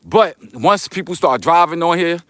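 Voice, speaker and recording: A man's voice: fairly high pitch, expressive, normal speed, a bit bright. A man with a New York accent hosting a casual livestream outdoors while walking, reading viewers' comments aloud in loose, slangy talk. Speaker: livestream vlogger. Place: outdoors on a snowy street, walking.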